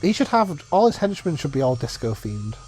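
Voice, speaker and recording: A man's voice: on the high side, big pitch swings, a little fast, a little mellow, faint music behind, poor audio. A young man co-hosting a casual film commentary, trading dry, wry quips.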